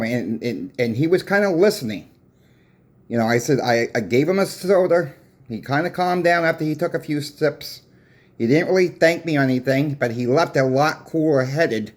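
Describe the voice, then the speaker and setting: A man who runs a coin shop, casually retelling an argument with a customer in a folksy, plain-spoken way, full of repeated "I said" tags. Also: mid-range voice. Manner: retells a dispute with many "I said" and "I says" tags. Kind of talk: casual storytelling vlog.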